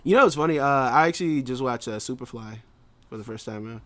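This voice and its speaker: A man's voice: medium pitch, quick pace, fairly bright tone. A man co-hosting a casual podcast, rambling with many fillers and frequent laughs. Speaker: podcast co-host. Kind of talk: casual chat.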